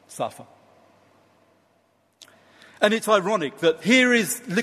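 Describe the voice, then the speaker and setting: A man preaching a sermon, slow and emphatic with dramatic pauses. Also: on the high side, big-room sound.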